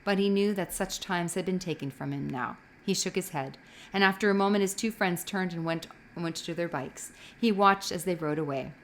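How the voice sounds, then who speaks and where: A woman's voice: fairly low pitch, moderate pace, slight background noise. A woman reading a novel aloud expressively, with occasional slips that she corrects as she goes. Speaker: reader.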